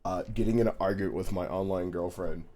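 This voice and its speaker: A young man streaming live, telling a story in casual chat, animated, laughing often, repeating words as he goes. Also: sits low, fast.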